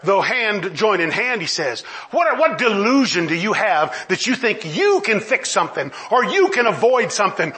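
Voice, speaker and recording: A man's voice: high voice, big pitch swings, normal speed, few pauses, bright, forceful tone. A middle-aged man preaching a sermon, emphatic, firing off mocking rhetorical questions and laughing often. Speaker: pastor.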